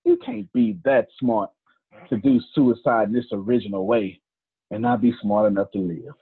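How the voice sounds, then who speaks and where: A man voicing his stern elderly grandmother, calm and blunt as she scolds, heard over a phone-like lo-fi line. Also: medium pitch, normal speed, creaky, breathy edge. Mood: cold, stern.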